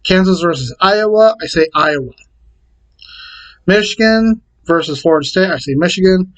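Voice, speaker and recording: A man casually talking to camera and reading out his picks in a plain, repetitive way with halting restarts. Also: high voice, expressive, rough recording. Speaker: vlogger.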